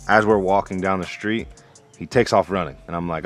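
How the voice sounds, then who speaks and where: A young man, a father, telling a casual vlog story about parenting in a relaxed, conversational way. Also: sits low, brisk, soft background music. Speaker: parent vlogger.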